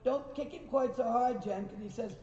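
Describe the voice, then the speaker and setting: In a riding arena, a man with a very high, warm voice coaches a lesson at normal speed, calling out praise to the horses and corrections to the riders. The recorder was far from him, so the audio is distant, echoey and dull.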